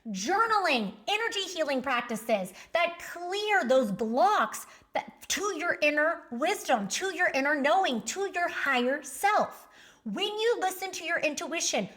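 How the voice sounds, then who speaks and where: A woman, coaching highly sensitive people in a chatty, earnest talk. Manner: chatty and earnest, animated with "like" and "y'all". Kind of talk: casual advice talk to camera.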